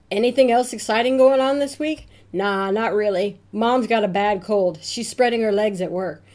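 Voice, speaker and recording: A woman hosting a reaction video, reading funny text messages aloud with amused, expressive exclamations. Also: mid-range voice, normal speed, hardly any pauses. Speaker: reaction channel host.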